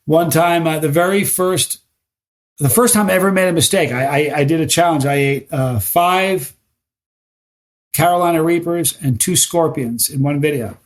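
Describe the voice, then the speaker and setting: A middle-aged man chatting casually as a podcast guest, telling animated stories and stumbling over repeated words when he gets going. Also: on the high side, normal speed.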